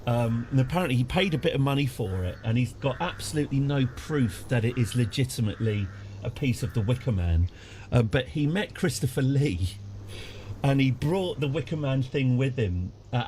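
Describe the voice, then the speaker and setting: A man's voice: medium pitch, lively intonation, normal speed, darkish tone, a little hiss or hum. A man chatting casually on a game stream, rambling through jokey stories with lots of fillers. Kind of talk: casual live-stream chat while gaming.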